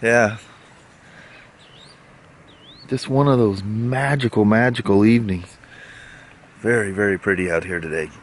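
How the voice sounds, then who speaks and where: A man talking casually in a daily vlog, relaxed and rambling, often chuckling. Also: on the low side, normal speed, slight background noise. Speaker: vlogger. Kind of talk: casual chat. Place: driving home, then at home outdoors.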